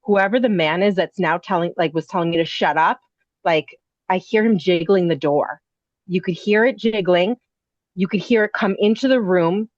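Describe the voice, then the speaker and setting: A woman's voice: lowish voice, normal speed, no room sound. A woman, an inn owner and podcast guest, telling a personal ghost story in a breathless, rambling way full of "like" and "you know". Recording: dull, dry lo-fi audio.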